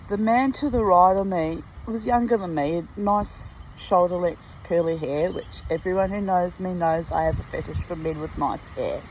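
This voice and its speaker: A woman's voice: fairly low pitch, normal speed, hardly any pauses, a little mellow, slight background noise, poor audio. A woman in her sixties from Australia, telling a rambling personal story at home, full of asides and laughs. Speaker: vlogger. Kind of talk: casual storytelling monologue. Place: at home near a garden.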